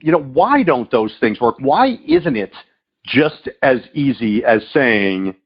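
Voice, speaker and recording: A man hosting a podcast, asking a long question in a halting way with repeated words. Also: medium pitch, sing-song. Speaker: podcast host. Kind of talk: interview questions. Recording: dull lo-fi audio.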